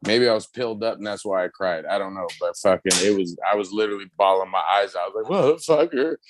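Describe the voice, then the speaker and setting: A man co-hosting a casual pop culture chat, talking loosely with lots of swearing and excited retelling. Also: lowish voice, quick pace, noisy background. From United States. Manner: loose, profane, excitable storytelling. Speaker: podcast co-host.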